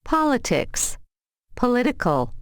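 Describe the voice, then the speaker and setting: Woman enunciating practice words brightly. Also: on the high side, big pitch swings, a little slow, dry recording, clean studio sound. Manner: clear, careful enunciation. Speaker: model reader for pronunciation drills. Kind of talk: pronunciation drill reading.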